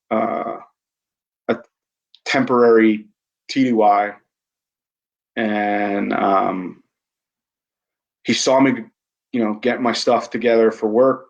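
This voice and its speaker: A man, an army veteran guest on a podcast, speaking candidly and haltingly, often restarting his sentences. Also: on the low side, gravelly, highs cut off. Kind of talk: candid interview conversation.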